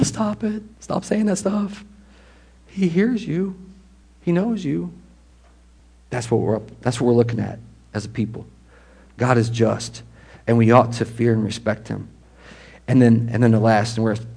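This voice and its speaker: A man preaching a sermon. His tone is conversational and animated, with asides, questions to the congregation and short laughs. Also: mid-range voice. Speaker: pastor.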